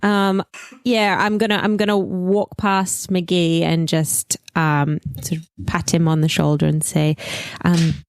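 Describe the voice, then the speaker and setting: A woman's voice: on the low side, level tone, takes it slowly, clean tone, no room sound, studio quality. A woman playing in a tabletop game, speaking thoughtfully and hesitantly. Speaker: player. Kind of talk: casual tabletop game play.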